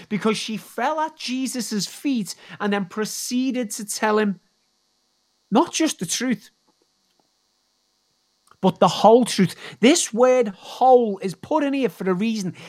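A preacher giving a sermon in a deliberate, emphatic way, repeating key words for weight. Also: medium pitch.

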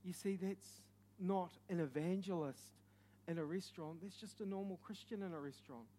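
Kiwi preacher guy, high voice, jokey and animated, yells now and then. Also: normal speed, slight background noise. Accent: New Zealand. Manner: animated, joking, shouts in bursts. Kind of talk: sermon with stories.

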